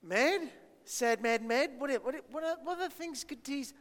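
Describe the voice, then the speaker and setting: Pastor, male, high voice, friendly children's talk with questions, long church reverb. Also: measured pace, fairly bright tone. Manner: chatty, self-deprecating, asks the children questions.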